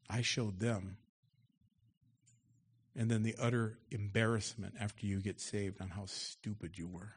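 A man's voice: fairly low pitch, little pitch movement, measured pace, pauses often, breathy edge. A man preaching a sermon in church, reading Bible verses aloud with rising force and then explaining them in an easy, conversational way. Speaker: pastor. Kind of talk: expository sermon.

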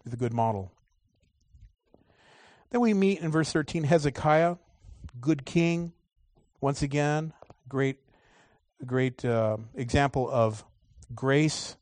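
A man preaching a sermon, moving between loud, drawn-out emphasis and quiet asides. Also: mid-range voice, no room sound.

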